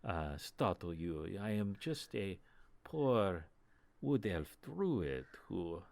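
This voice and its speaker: A man's voice: deep voice, sing-song, takes it slowly, a bit bright, no echo, heavily acted. A man voicing a female drow druid disguised as a wood elf, who speaks in a formal, stilted, mysterious way. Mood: coy.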